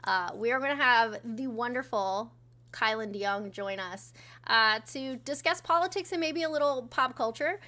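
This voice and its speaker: A woman co-hosting a relaxed live stream, chatting loosely and swearing freely. Her voice is bright and sits a little high, and she reads out viewer messages along the way. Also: normal speed. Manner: profane, offhand, reads out chat messages. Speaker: co-host. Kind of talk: casual livestream chat.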